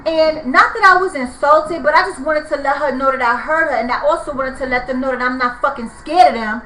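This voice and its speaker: A woman's voice: high voice, brisk, pushed and bright. A woman, ranting angrily to her viewers about a street confrontation. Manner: heated, ranting, addresses viewers as "people" and "y'all". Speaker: vlogger. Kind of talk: angry storytime vlog. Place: apartment room. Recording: echoey room with faint noise.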